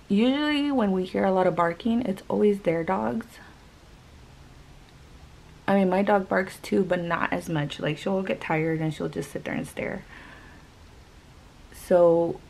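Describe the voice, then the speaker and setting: A woman's voice: on the low side, measured pace, vocal fry, darkish tone, a little hiss or hum, low-quality recording. A young woman vlogger telling a story casually while doing her makeup, rambling with lots of filler words. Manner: chatty, rambling, many "like" fillers. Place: home.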